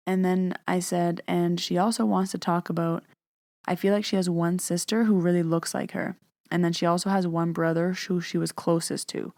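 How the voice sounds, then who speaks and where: A woman's voice: lowish voice, vocal fry, darkish tone, dry recording, studio quality. A young woman casually telling a personal story in a chatty way, full of "like" fillers. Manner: chatty retelling, many "like" fillers. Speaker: podcast host and medium.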